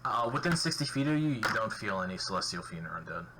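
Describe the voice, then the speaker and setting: A man narrating a tabletop role-playing game as game master, halting with many fillers and restarts. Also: lowish voice, sing-song. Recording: faint background noise.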